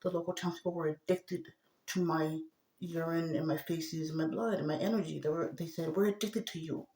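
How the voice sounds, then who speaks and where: A woman talking to the camera in a rambling personal monologue, agitated, going from a low murmur to loud outbursts. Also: fairly even intonation, a little fast, roomy sound.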